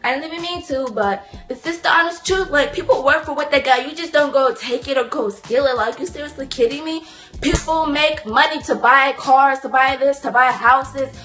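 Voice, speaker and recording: A teenage girl telling a storytime vlog in a chatty, animated way, with indignant asides. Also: high voice, moderate pace, hardly any pauses, faint music behind. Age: teens. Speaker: vlogger.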